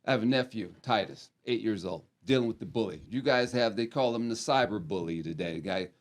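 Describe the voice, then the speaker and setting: A man's voice: on the low side, brisk. An older man, a podcast guest and retired probation officer, telling rambling, profane stories in casual chat. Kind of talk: casual storytelling.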